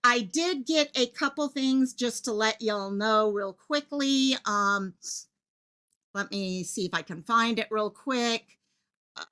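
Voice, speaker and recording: A woman hosting a live stream from her home office, talking fast and excitedly and jumping between thoughts as she greets chat viewers. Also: a little high. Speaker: livestream host covering a missing-child case.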